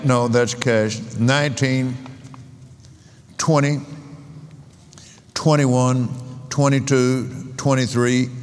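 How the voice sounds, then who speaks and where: An older man preaching a sermon, telling stories in a slow, rambling way and counting out figures. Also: medium pitch. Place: large convention hall. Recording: long reverb of a large hall.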